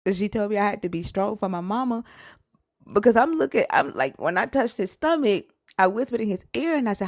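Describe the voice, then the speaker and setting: A woman's voice: mid-range voice, animated, fairly quick, no room sound, studio quality. A woman speaking as a live stream guest, telling a personal story in a blunt, emotional, rambling way and swearing freely. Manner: rambling with restarts and quoted outbursts.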